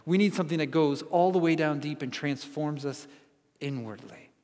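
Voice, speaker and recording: A man delivering a sermon from the pulpit, his voice pitched a little high. He speaks earnestly and builds to emphatic repeated lines. The sound carries a long reverb from a large church hall. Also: moderate pace, darkish tone. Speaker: pastor.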